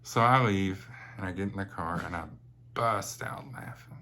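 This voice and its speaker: A man's voice: deep voice, moderate pace, sharp tone, slight background noise. A young man telling personal stories in a chatty, rambling way, with many fillers and laughs. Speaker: vlogger. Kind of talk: casual personal storytelling.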